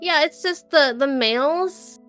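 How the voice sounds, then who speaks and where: High-voiced giggly woman. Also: a little slow, fairly bright tone, faint music behind. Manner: giggly, chatty, laughs often. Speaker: guest vtuber. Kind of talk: casual podcast chat.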